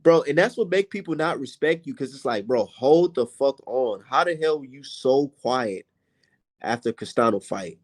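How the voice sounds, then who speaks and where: A man's voice: mid-range voice, expressive, normal speed. A young man hosting a heated, profane rant about boxing and reading viewer comments aloud. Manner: profane, blunt, exasperated. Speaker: boxing commentator and channel host.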